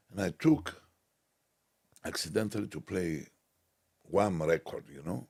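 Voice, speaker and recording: An older man tells stories in a husky, slightly breathy voice. His pitch leaps around lively as he repeats himself for emphasis in broken English. He sounds like a guest on a chat show. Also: moderate pace. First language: Greek. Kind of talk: storytelling interview chat.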